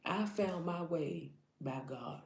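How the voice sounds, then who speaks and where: A woman's voice: fairly low pitch, animated, slow pace, reverberant, slight background noise. A woman in her thirties giving an earnest, preachy motivational talk to her followers, often repeating herself to drive points home. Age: 30s. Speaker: vlogger.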